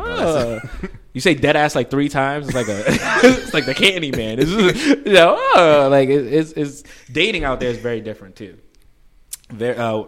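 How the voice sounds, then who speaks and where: Lively laughing man with a New York accent. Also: medium pitch. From Brooklyn, New York. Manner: animated storyteller, laughs often. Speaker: guest. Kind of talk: casual podcast chat.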